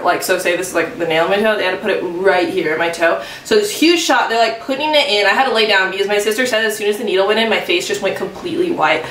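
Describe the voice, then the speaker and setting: A woman's voice: medium pitch, a bit bright, distant mic, a little hiss or hum. Rambling young woman, echoey room. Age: 20s. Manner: rambling, filler-heavy, self-mocking. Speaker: vlogger. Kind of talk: casual storytime.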